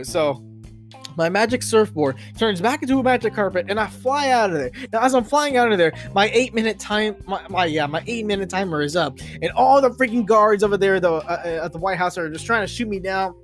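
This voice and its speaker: High-voiced rambling podcast host. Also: male voice, fairly quick, faint music behind. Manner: rambling, self-amused, many restarts. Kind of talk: improvised storytelling.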